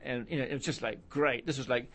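A man's voice: medium pitch, fast. Rambling middle-aged man telling stories. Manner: rambling storyteller, self-deprecating, many fillers. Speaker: musician guest. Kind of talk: casual interview chat.

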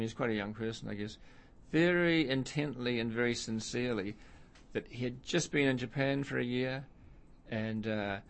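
A man's voice: mid-range voice, creaky. Rambling middle-aged man telling stories. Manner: rambling storyteller, self-deprecating, many fillers. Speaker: musician guest. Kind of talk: casual interview chat.

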